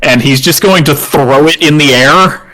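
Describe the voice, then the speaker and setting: A good-humored man serves as dungeon master, narrating a tabletop game in a relaxed, conversational way. He sets scenes and rules on actions with easy amusement, often breaking into a chuckle. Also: a little high, measured pace, low-quality recording.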